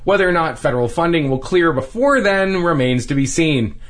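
A male radio reporter with a slightly high voice narrates a scripted news piece. His delivery is clear and measured. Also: expressive.

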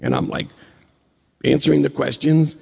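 A man from New York State telling a personal story to an audience in a lively way, acting out the dialogue as he goes. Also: on the high side, normal speed, vocal fry, slightly rough, in a large hall.

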